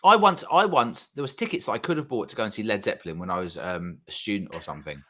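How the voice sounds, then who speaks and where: Animated man, bright voice. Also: fairly low pitch, fast. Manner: animated, rambling, repeats words when worked up. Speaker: podcast co-host. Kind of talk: casual chat. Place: home room on a live stream.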